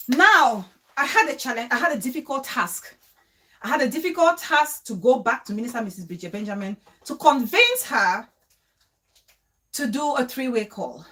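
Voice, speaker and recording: A woman vlogger telling a story to camera in a casual way, emotional and pleading, with quick bursts and repeated questions. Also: sits high, lively intonation, sharp tone, a little hiss or hum.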